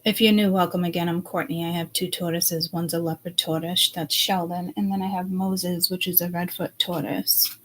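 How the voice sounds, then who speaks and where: A middle-aged woman talks her way through a tarot reading in a loose, rambling style. Her voice sits on the low side. She is chatty and blunt and swears freely, with faint background noise behind her. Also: flat delivery, moderate pace, few pauses, a bit bright, poor audio. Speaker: psychic tarot reader. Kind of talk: casual rambling intuitive reading.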